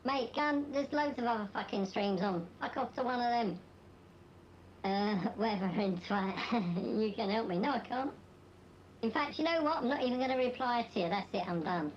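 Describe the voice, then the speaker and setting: A woman's voice: on the high side, normal speed, highs cut off, a little hiss or hum. Blunt, sweary woman streamer. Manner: blunt, sweary, dismissive toward chatters. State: voice not at its normal sound. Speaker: game streamer. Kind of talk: live-stream chat while gaming.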